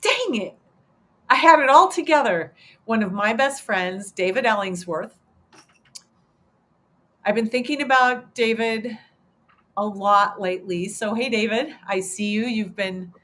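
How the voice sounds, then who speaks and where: A woman's voice: medium pitch, a bit bright. A woman in her fifties hosting a casual livestream chat, talking in an emotional, rambling way with many restarts and fillers. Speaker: host.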